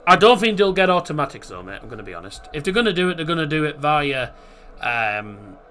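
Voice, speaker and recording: Chatty Teesside man, fairly high voice. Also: brisk, a little hiss or hum. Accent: Teesside English. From Middlesbrough, England. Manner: easygoing, chatty, hesitant with ums and restarts, reads team lineups in a steady list. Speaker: watchalong host. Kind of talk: casual live football watchalong chat.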